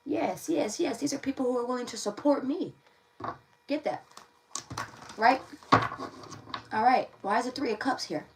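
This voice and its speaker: A woman's voice: high-pitched, expressive, moderate pace, long pauses, noisy background. A woman giving a casual livestream tarot reading, chatty, often repeating her phrases and laughing. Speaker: tarot reader. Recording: voice a bit distant from the mic.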